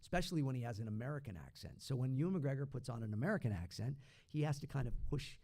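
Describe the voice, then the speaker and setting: Man, voice actor, gravelly voice, casual podcast chat, chatty and playful. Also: medium pitch, animated, quick pace, dark tone. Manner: chatty, slips into impressions. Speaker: voice actor guest.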